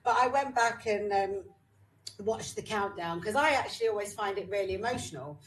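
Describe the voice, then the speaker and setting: A woman's voice: mid-range voice, animated, normal speed, rough recording. Chatty woman, faint noise. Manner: open, chatty, with frequent ums and repeats. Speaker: podcast co-host. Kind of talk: casual chat.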